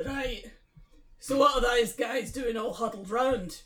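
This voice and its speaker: A woman's voice: a little high, takes it slowly, pushed and bright, echoey room, far from the mic. A woman putting on a bumbling Scottish newcomer. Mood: earnest. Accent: put-on Scottish. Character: Scottish man Dean, newcomer to a reenactment group.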